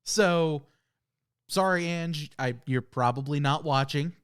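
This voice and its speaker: A man's voice: a little high, slow, fairly bright tone, clear, resonant tone. A young man co-hosting a podcast, chatting casually and rambling through family anecdotes. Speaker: podcast co-host. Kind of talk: casual chat.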